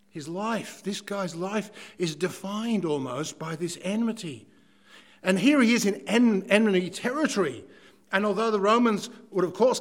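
A preacher with a voice a touch on the high side, delivering a sermon with theatrical flair. He swings from forceful emphasis down to quiet, near-whispered asides. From Ireland. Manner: dramatic, shifts between loud emphasis and hushed asides.

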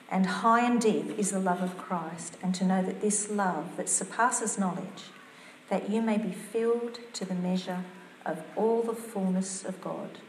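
A woman's voice: mid-range voice, slight background noise. A woman preaching a topical sermon in an earnest, conversational way, reading scripture aloud. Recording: roomy church sound.

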